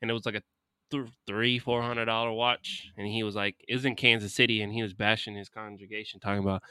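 Male podcast co-host, blunt and emphatic, bright crisp tone, dry mic. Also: lowish voice, flat delivery, fast talker, no echo. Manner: blunt, profane, emphatic ranting. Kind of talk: casual chat. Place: Houston.

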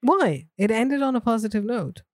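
A woman co-hosting a podcast, chatting about a movie in a calm, agreeable, measured way. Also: a little high. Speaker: podcast co-host. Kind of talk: casual movie chat.

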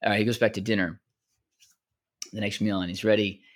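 A man with a fairly low voice co-hosts a casual podcast. He tells jokes in an animated, rambling way, full of fillers and restarts. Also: brisk. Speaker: podcast co-host. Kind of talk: casual chat, storytelling.

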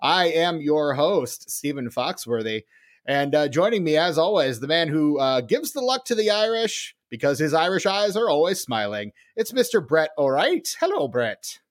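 A man's voice: on the high side, moderate pace. A man hosting a casual film podcast, joking and punning as he talks. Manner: jokey, punning, animated. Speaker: podcast host.

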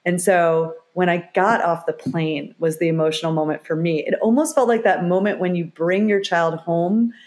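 A woman's voice: on the low side, fairly even intonation, moderate pace, few pauses, a little mellow. A middle-aged woman, a guest in an interview, talking openly and emotionally in loose, restarting sentences. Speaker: expert guest. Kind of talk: conversational interview.

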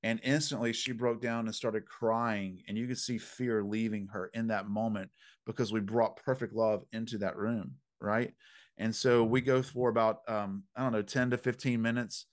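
A man telling a story as an interview guest, animated and emphatic, with punchy slang and preacherly phrasing. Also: fairly low pitch, moderate pace. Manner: preacherly, faith-filled phrasing. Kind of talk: conversational storytelling.

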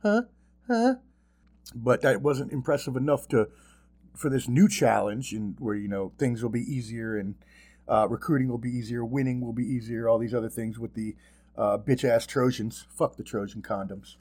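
A man hosting a podcast in casual sports chat, animated and profane, with mocking asides. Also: medium pitch, normal speed, slightly rough. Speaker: podcast host.

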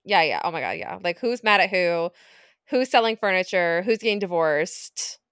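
A woman co-hosting a podcast, reacting with playful, expressive exaggeration in casual chat. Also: fairly low pitch, moderate pace, clear, resonant tone, no room sound, studio quality. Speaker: podcast co-host.

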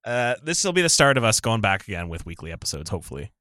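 A man's voice: fairly low pitch, sing-song, fast talker, sharp tone, no room sound, clean studio sound. A young man with a Canadian accent hosting a casual sports podcast, teasing his co-hosts with jokey banter. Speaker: podcast host.

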